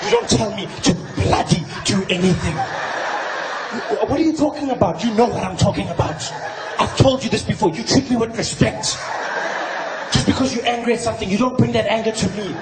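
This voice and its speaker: A man's voice: high-pitched, moderate pace, heavy background noise, pitched below the performer's own voice, natural voice. A man voicing an indignant woman who berates her partner in a ranting, scolding way, in a roomy theater with crowd laughter.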